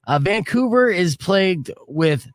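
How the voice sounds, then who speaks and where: A man's voice: high-pitched, measured pace. A middle-aged man hosting a radio show, telling stories with casual banter and dry punchlines into a studio mic. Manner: lively, jokey storytelling with dry punchlines. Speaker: radio and stream host.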